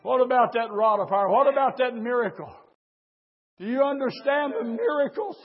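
A man preaching a fiery revival sermon. He swings between soft, low talk and shouted, rhythmic preaching at a church service. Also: lively intonation, moderate pace, husky. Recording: dull recording with faint congregation. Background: faint congregation.

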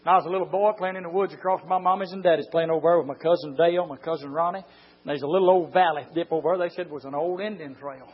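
A man preaching a fiery sermon, swinging from low, close talk to drawn-out shouted lines. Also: fairly even intonation, breathy edge, dull audio. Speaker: pastor.

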